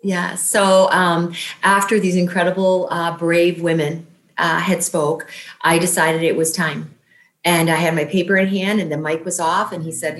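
A woman's voice: deep voice, steady tone, a bit bright. Earnest woman telling her story, roomy echo. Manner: earnest, halting, many fillers, voice rising when quoting herself. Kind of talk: emotional personal storytelling.

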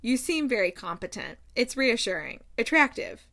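A woman voicing an earnest, awkward young male scientist in her own fairly high voice, halting as she reads his lines from a romance novel. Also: big pitch swings, a bit bright, exaggerated voice.

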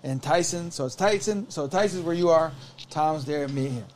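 A man telling stories as a podcast guest rambles through a long, casual tale, animatedly acting out people's quotes. His voice runs on the high side at a moderate pace, and slight background noise can be heard.

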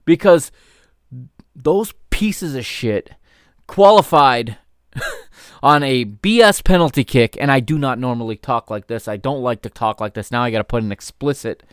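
Male podcast host, heated sports rant, middle pitch, dry close sound. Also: normal speed, clear, resonant tone, dry recording. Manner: heated, ranting, swears, laughs in disbelief.

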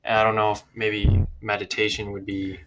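A man's voice: fairly low pitch, monotone, moderate pace, noisy background. A man in casual conversation, thoughtful and questioning, with many filler words. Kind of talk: casual chat.

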